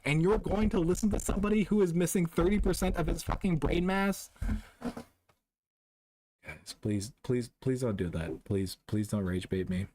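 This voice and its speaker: Background noise sits under this casual livestream, where a Canadian man reads chat and rants about vaccines. Exasperated and profane, he veers from loud outbursts to low muttering.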